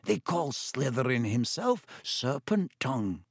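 A man voicing a stout, stubborn schoolboy who talks slowly and solemnly in a hushed, conspiratorial way. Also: mid-range voice, very animated, breathy edge, no echo, studio quality, exaggerated voice. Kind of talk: audiobook character voice.

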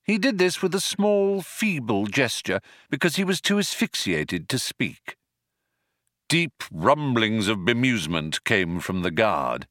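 A man narrating a comic story in a dry, measured storytelling manner. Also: medium pitch, sing-song, fairly bright tone, dry recording. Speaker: audiobook narrator. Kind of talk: scripted narration.

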